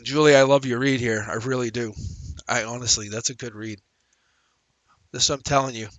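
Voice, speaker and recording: An upbeat man reads tarot live for his viewers, chatting freely and repeating himself as he lays out cards. His voice sits at an ordinary middle pitch, and the sound is close and dry with no room around it. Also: fairly even intonation, moderate pace, a bit bright, no room sound, rough recording. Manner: upbeat, chatty, repeats phrases, laughs often. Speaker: tarot reader and livestream host. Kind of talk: casual livestream tarot reading.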